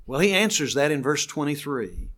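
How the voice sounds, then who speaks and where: An older man preaching a sermon, earnest and slowing down to stress key words. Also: a little high, sing-song, a bit bright.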